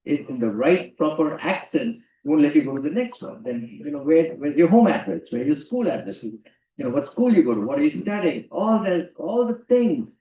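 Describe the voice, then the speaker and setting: This guest lecturer speaks to students in a roomy hall, his slightly high voice very animated and emphatic, repeating key phrases at a moderate pace. The sound is phone-quality, picked up by a distant mic.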